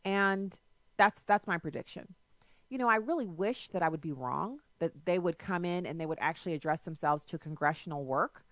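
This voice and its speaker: A woman's voice: fairly low pitch, moderate pace, fairly bright tone, no echo. A woman hosting a political talk radio show, delivering a sarcastic, emphatic monologue into a studio microphone.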